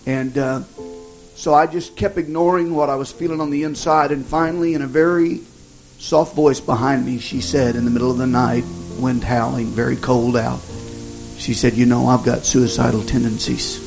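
A man, an evangelist, telling a personal testimony in a folksy, halting way with many restarts. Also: mid-range voice, fairly even intonation, rough recording. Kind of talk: sermon testimony storytelling. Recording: music playing behind the voice.

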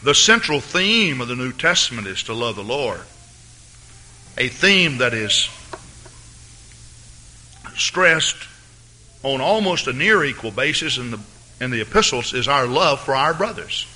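A man preaching a fervent sermon as pastor of his church, rising to excited peaks. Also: mid-range voice, unhurried, pauses often.

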